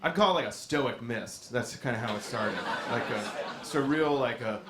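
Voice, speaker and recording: A man doing a stand-up set in a comedy club, with a low-key, deadpan delivery. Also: normal speed. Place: comedy club stage with a laughing audience. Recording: echoey club with audience noise.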